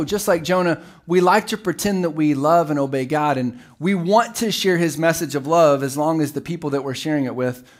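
A middle-aged man preaching a sermon as pastor, telling the story with animated, acted-out voices. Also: on the high side.

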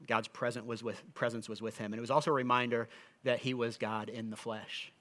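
Bright-voiced man preaching a conversational sermon. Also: mid-range voice. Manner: earnest, conversational preaching with frequent restarts. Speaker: pastor.

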